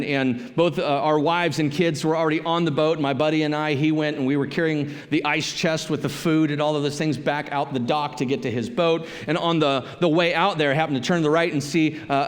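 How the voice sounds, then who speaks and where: Storytelling pastor, slightly high voice. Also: male voice, big-room sound. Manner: conversational storytelling, animated. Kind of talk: sermon. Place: church sanctuary.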